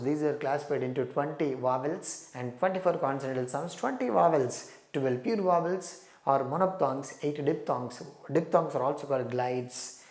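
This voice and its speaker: A man's voice: fairly high pitch, darkish tone. A man with a Telugu-influenced Indian English accent teaches an exam-prep lesson in an emphatic, repetitive way and keeps calling his listeners "my friends". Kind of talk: recorded lecture. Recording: echoey room.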